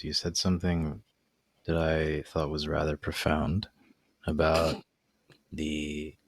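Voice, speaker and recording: Very deep-voiced man in a podcast chat. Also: a bit bright, no echo. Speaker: podcast co-host. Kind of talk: casual podcast discussion.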